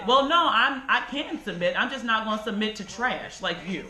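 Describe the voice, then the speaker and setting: A woman in her twenties vlogging at home in a blunt, frustrated, animated way. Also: mid-range voice, moderate pace, reverberant, faint music behind, low-quality recording. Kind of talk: casual talking-head vlog rant. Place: home bedroom corner.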